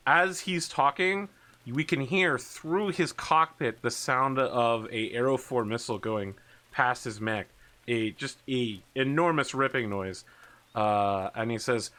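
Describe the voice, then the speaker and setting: A man in his thirties narrating a tabletop war game as game master, animated and lively. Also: medium pitch, takes it slowly, smooth. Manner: animated, shouts radio chatter of pilots.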